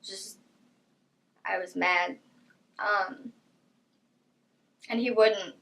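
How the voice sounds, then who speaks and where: Young woman, interview testimony, mid-pitched, soft and halting with trailing phrases. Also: steady tone, vocal fry, low-quality recording. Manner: quiet, halting storytelling with soft trailing lines. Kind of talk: personal testimony.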